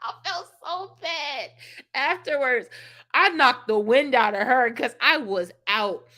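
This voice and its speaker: A woman tells a story in casual vlog chat. Her voice is bright and forceful and sits a little high. She is animated and full of laughter, and she swings her voice up high and down low as she acts out the people in her story. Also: slow. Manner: animated, laughing, acts out quotes with big pitch jumps. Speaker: vlogger.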